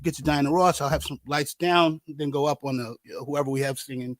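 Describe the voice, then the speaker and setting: A man with a slightly raised pitch tells stories in easy, chatty podcast talk. He acts out quotes with energy and drops his voice low for the sad parts. The sound is dry and close to the mic. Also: fairly quick, dry recording. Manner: animated storyteller acting out quotes, trails into hushed tones. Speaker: guest, artist manager and concert promoter. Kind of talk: casual storytelling chat.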